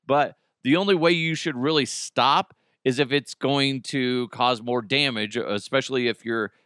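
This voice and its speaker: A man's voice: medium pitch, unhurried, fairly bright tone, clean tone, dry recording, studio quality. A man in his thirties hosting a solo podcast, ranting bluntly and profanely with self-mocking asides. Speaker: podcast host. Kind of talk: casual solo podcast rant.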